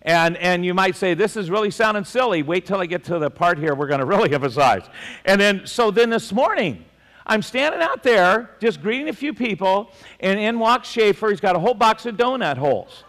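A man's voice: sits high, animated, fairly quick, a bit bright, long reverb tail. A middle-aged male pastor telling a story in a sermon, self-mocking and often repeating his words.

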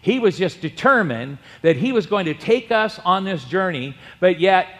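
A middle-aged man preaching a sermon, telling a personal story and rising to loud exclamations. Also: sits high, very animated, moderate pace. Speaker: pastor.

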